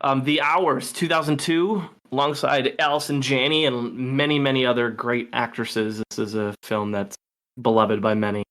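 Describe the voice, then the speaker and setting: A man hosting a movie podcast, talking in a relaxed, rambling way with frequent laughs. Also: mid-range voice, normal speed. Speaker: podcast host. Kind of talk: casual movie podcast chat.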